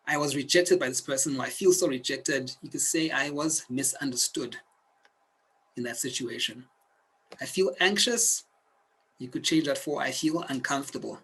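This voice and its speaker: A man's voice: medium pitch, fairly bright tone, breathy edge, rough recording. A man teaching a self-help video lesson, speaking earnestly and directly to the viewer like a coach. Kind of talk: instructional video talk.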